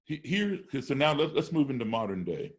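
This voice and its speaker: A man's voice: mid-range voice, very animated, a little fast. A middle-aged American man talking as a podcast guest, telling a story with emphatic, step-by-step points. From United States. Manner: emphatic, builds points step by step, acts out classroom exchanges. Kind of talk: conversational storytelling.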